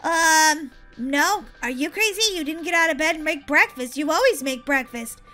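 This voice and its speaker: Brief: woman voicing hyper little girl, high, very bright, chatty game role-play. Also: moderate pace, faint music behind. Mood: excited. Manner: chatty, excitable, talks to herself, giggly. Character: excitable young girl Molly. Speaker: roleplay gamer.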